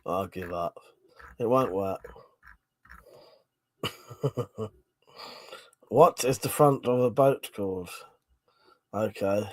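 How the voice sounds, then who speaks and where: A man's voice: fairly low pitch, extremely slow, pauses often, darkish tone, dry recording. A man hosting a casual live-stream chat, a bit drunk, swearing freely and laughing often. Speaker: livestream host.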